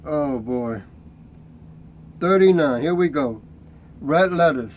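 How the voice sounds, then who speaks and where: A fiery middle-aged man preaching in a voice pitched a little high for a man. He reads scripture slowly and deliberately, then turns confrontational, tossing "right?" at his listeners. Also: animated, muffled recording, a little hiss or hum.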